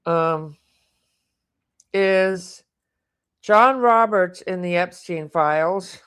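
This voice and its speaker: Woman, tarot reader, unhurried and low, breaks into exclamations. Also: fairly bright tone, clear, resonant tone. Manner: exclaiming, thinking aloud, emotional. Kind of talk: live tarot reading.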